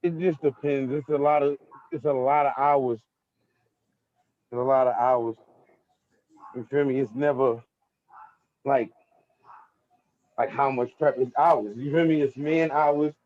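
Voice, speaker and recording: A man's voice: mid-range voice, fairly even intonation, a little slow, pauses often, highs cut off. A young man with a Brooklyn accent, a battle rapper talking casually as an interview guest in street slang. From Brooklyn, New York. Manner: laid-back street slang, keeps saying "you feel me".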